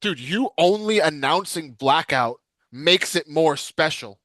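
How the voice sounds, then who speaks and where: A man's voice: on the high side, lively intonation, fairly bright tone, no echo. A man co-hosting a casual wrestling talk show, blunt and profane, correcting details and backing up his guest. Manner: blunt, profane, quick to agree. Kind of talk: casual chat.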